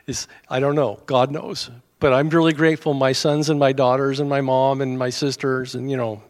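A middle-aged American man preaching a sermon in a conversational way, with asides to his congregation and small chuckles. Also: mid-range voice. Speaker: pastor.

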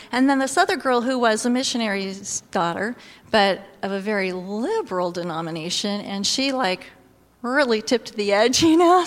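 A woman giving a sermon, telling a lively personal story with exclamations and laughter, then reading scripture. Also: medium pitch. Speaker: pastor's wife or preacher. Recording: long hall reverb.

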